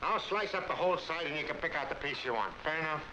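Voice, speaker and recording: A man's voice: fairly high pitch, animated, fast talker. A man playing a brash, wisecracking surgeon in an old slapstick film comedy. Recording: echoey, dull old film soundtrack with hiss.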